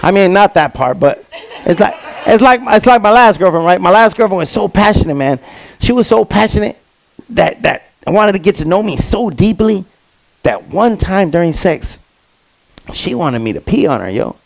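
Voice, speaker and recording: A man's voice: sits high, animated, normal speed, creaky. A young man doing a stand-up comedy set on stage, telling stories in street slang with lots of repeated fillers. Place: comedy stage before a live audience.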